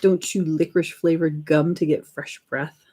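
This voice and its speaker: A woman chatting casually at home with her husband, playful and quick to laugh. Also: deep voice, fairly even intonation, warm tone, breathy edge. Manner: giggly, playful, teasing. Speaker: co-host, wife. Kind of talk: casual chat. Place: home in Denmark, indoors.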